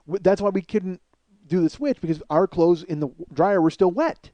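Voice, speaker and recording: A middle-aged man hosting a comedy podcast, telling a story in a profane, excitable rant. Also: high voice, normal speed, no echo, highs cut off.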